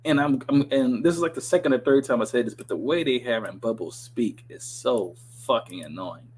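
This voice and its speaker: A man's voice: mid-range voice, brisk, darkish tone, slight background noise, low-quality recording. A man reading a TV script aloud on his podcast, breaking off into profane, sarcastic commentary.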